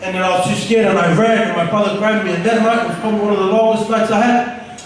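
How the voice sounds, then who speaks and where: A man's voice: high-pitched, steady tone, fast, slight background noise. A young man giving an earnest, candid personal testimony, often restarting his sentences. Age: young adult. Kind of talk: personal testimony told to an audience. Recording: echoey room, from far off the mic.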